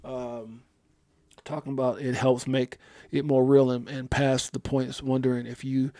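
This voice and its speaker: A grieving man hosting a casual livestream, reading viewer comments aloud and talking haltingly with many fillers and restarts. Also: medium pitch, little pitch movement, dark tone. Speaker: livestream host.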